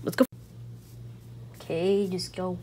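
A woman giving gameplay commentary to her viewers, swinging from low muttering to excited squealing shouts. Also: slow pace. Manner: talks to viewers as guys. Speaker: gaming channel host.

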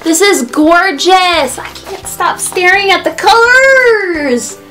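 A woman with a very high, bright voice chats in a casual vlog, gushing and excitable. She gasps and laughs often, and she talks at an unhurried pace. Faint music plays behind her. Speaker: vlogger opening fan mail.

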